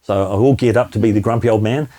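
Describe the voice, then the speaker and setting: A comedian from New Zealand with a New Zealand accent, telling stories in casual chat and laughing through them. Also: male voice, lowish voice, quick pace, mellow. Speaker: comedian guest.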